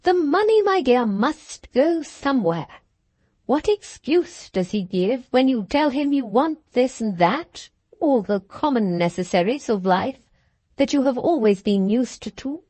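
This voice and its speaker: A woman voicing a stern old countess from a period audiobook, imperious and disapproving as she lectures. The voice sits a little high and moves slowly and deliberately. It is recorded dry and close. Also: lively intonation, dark tone, no echo. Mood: lecturing. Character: haughty, stern aristocratic countess, older woman.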